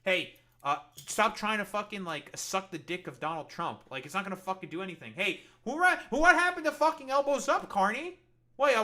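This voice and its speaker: A man's voice: a little high, bright, forceful tone. Tired, profane streamer man ranting. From Canada. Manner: profane, sarcastic, rambling. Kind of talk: late-night livestream rant.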